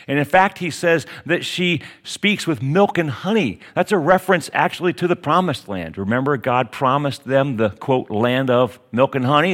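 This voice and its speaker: A middle-aged man preaching a conversational sermon as a pastor. He teaches in a folksy, storytelling way, often pausing to ask "see?" to check that his listeners are following. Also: on the high side, a bit bright. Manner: folksy, with frequent tag questions like "see?".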